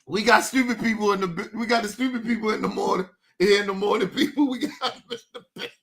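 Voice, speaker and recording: High-voiced man cackling through mocking commentary. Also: steady tone, brisk, creaky, a bit bright. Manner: laughing constantly, profane, mocking; slangy casual speech, addresses viewers as people. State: crying with laughter. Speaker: streamer reacting to news clips. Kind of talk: livestream reaction commentary.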